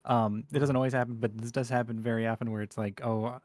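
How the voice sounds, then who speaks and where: A man co-hosting a casual live stream, talking in halting, rambling restarts. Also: medium pitch, little pitch movement, darkish tone, no echo.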